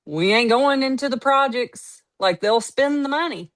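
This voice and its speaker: A woman's voice: sits high, normal speed. A woman giving a casual motivational talk, telling stories emphatically and acting out what others said. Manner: storytelling, quoting others, lively and emphatic. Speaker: network marketing team leader.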